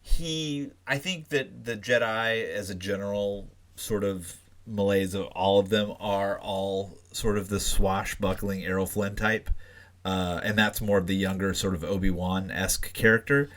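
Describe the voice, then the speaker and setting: With a lowish, fairly bright voice, steady and unhurried, a podcast co-host chats casually about comics. He wanders through his points, often restarting and leaning on filler words.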